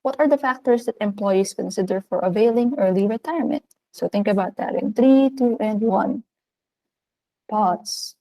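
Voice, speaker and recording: A woman with a Filipino accent, teaching a recorded video lesson. She speaks in an upbeat, animated way, with sudden lifts in pitch. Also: brisk, hardly any pauses, low-quality recording. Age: adult of working age.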